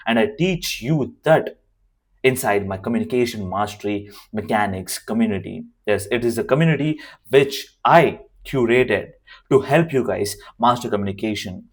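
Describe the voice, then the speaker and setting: At a moderate pace and a lowish pitch, a man with a rough, tired-sounding voice coaches viewers on communication without a script. He talks straight into the camera, pressing his points hard and repeating key lines.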